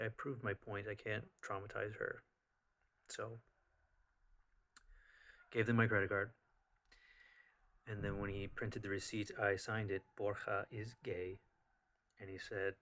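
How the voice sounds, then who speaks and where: A man with a somewhat low voice tells a personal story straight to camera. He rambles and restarts, packs his talk with fillers, and turns animated as he goes. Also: measured pace, long pauses. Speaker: vlogger.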